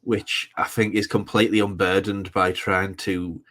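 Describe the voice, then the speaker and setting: A man speaking as a podcast guest in casual chat, halting and wry. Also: low-pitched, flat delivery, a bit bright. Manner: hesitant, many fillers and restarts, wry.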